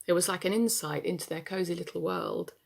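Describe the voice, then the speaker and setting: A woman performing a wry, gravelly-voiced daughter. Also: lowish voice, fairly quick. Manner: confessional storytelling, wry and emotional. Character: adult daughter anxious about her aging parents. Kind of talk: theatre monologue.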